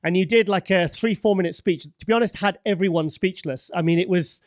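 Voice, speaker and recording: A man's voice: sits high, fairly quick, darkish tone, no echo, studio quality. A man interviewing a guest, asking rambling, hesitant questions with many fillers.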